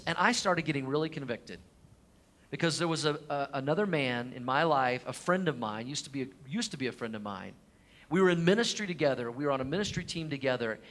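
A middle-aged pastor preaches with earnest feeling, telling his own story to the congregation. His voice sits at an ordinary pitch for a man and often sinks to a quiet hush when he speaks of hurt and love. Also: lively intonation, brisk. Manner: earnest personal storytelling, drops to a soft hush at emotional points. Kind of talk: sermon.

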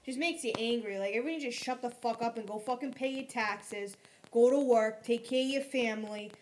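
A woman co-hosting a casual podcast chat, ranting in a crude, profane, animated way. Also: a little high, brisk, slight background noise.

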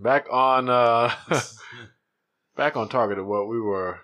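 A man's voice: mid-range voice, slow, sharp tone. A man hosting a casual podcast, teasing and bossing his co-host in jokey banter.

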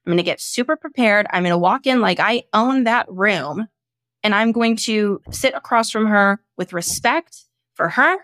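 Lively young woman telling a story. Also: mid-range voice, no echo, clean studio sound. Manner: animated, acts out quoted voices; frank, swears casually. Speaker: podcast host. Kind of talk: casual storytelling.

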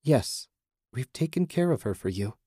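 A disembodied, otherworldly voice , as a male reader puts it on, speaks pleasantly, a touch above his usual pitch. It soothes and teases, knowing more than it says. The reading is close and dry. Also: big pitch swings, moderate pace, dark tone, breathy edge, no echo. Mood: soothing, knowing. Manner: soothing, teasing, speaks in riddles.

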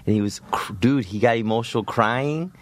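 A man's voice: medium pitch, moderate pace, a little hiss or hum. A man, a comedian guest, telling a story casually and peppering it with "bro" and "like". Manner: laid-back, full of "bro" and "like".

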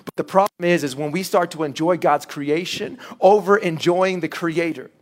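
A man's voice: on the high side, normal speed. A man, preaching a sermon as a pastor in a candid, conversational way, acting out quotes as he tells stories.

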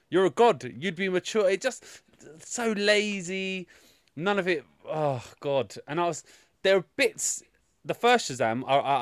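A man's voice: a little high, no room sound. A man co-hosting a podcast in casual chat, rambling with many restarts and crude jokes. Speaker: podcast co-host.

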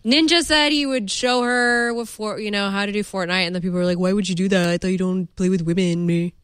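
A woman's voice: mid-range voice, fairly even intonation, fairly quick, clear, resonant tone, dry recording. A woman on a tech panel, chatty and wry in casual conversation.

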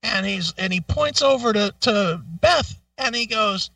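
A middle-aged man with a high, bright voice tells a profane story to his co-host. He is animated and acts out every quote. The studio sounds dry, and he sits a little back from the mic. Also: unhurried, gravelly, few pauses, dry recording, distant mic. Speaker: radio show co-host. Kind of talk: casual storytelling chat.

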